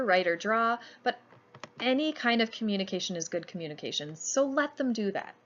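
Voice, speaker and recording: A young adult woman giving an educational presentation, explaining clearly in an upbeat way and stressing key words. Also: mid-range voice, muffled recording.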